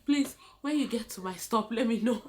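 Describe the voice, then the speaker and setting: Her voice runs a little high at a moderate pace as this young Nigerian vlogger, with her Nigerian accent, casually recounts a story. She laughs a lot and keeps calling her viewers "guys."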